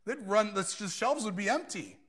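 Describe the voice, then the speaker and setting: Man, pastor, sermon, bright forceful voice, slightly high pitch, conversational. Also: expressive, normal speed, slightly rough. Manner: conversational, drops into quoted voices.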